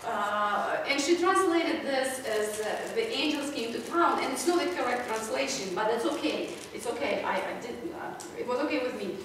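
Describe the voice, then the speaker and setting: A woman piano professor giving a lively workshop lecture at a conference, teasing the room with questions. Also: fairly high pitch, moderate pace, few pauses. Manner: animated, playful, draws listeners in with questions. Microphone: distant room mic. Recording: echoey hall recorded from far off, noisy.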